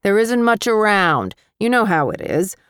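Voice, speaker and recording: A gruff, busy newspaper editor, as a woman reader puts him on, curt and in a hurry. The voice comes through smooth and clear over a dry, close recording. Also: mid-range voice, sing-song, unhurried, fairly bright tone, no echo.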